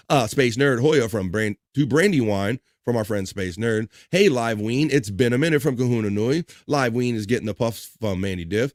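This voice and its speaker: A man's voice: mid-range voice, animated, brisk, few pauses, noisy background. A man hosting a live stream, reading viewer messages aloud in a casual way with crude jokes and chuckles.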